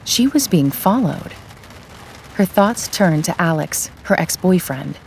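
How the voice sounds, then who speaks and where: Low-voiced woman narrating an audiobook. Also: vocal fry, a little hiss or hum. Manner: calm, measured.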